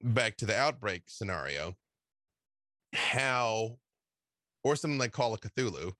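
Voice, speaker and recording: A man's voice: fairly low pitch, sing-song, unhurried, bright, forceful tone, dry recording, studio quality. A tired man talking casually as an interview guest, rambling and filling his talk with "you know". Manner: tired after a long day. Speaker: guest game designer. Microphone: video call.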